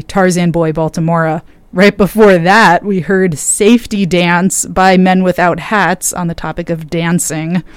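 Between records, a weary young female radio DJ rambles on air in a casual way, cutting herself off and filling gaps with fillers. She has a lowish, smooth voice, and the recording is dry.

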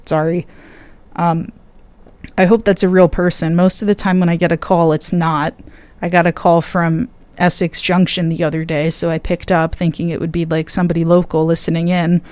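Woman radio DJ, young, tired, rambling, smooth voice, dry sound. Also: fairly low pitch, flat delivery, normal speed, a little mellow, no echo. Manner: rambling, self-interrupting, with many fillers. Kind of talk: casual on-air chat between songs.

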